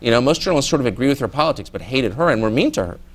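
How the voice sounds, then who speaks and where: A man's voice: mid-range voice, expressive, racing. A middle-aged man, a journalist guest, answering student questions in a candid, sardonic way and mimicking people in mock voices. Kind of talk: candid audience Q&A.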